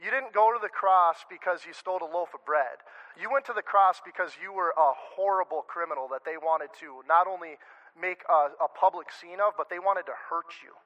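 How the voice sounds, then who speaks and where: A male pastor giving a sermon in a conversational, animated way, often restarting his sentences. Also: sits high, brisk, highs cut off.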